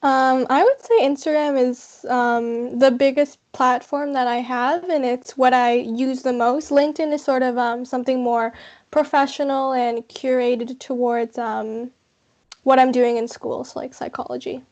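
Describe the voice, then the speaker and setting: A young woman with a high voice answers questions as a podcast guest. She speaks in an even, flat tone and pauses often, hesitating as she goes. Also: lo-fi sound. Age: young adult. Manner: hesitant, halting with many pauses. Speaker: guest, university psychology student. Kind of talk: casual interview answers.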